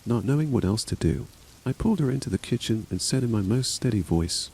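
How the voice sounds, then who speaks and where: A man's voice: mid-range voice, sing-song, moderate pace, darkish tone, a little hiss or hum, poor audio. A man narrating a horror story as a scripted reading, voicing every character himself.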